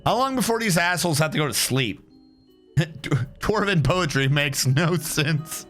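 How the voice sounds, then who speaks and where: In a casual let's-play stream of a strategy game, a man reads things aloud and riffs on them sarcastically, cursing freely. His voice is a little high, bright and forceful, expressive and a little slow, over faint game music.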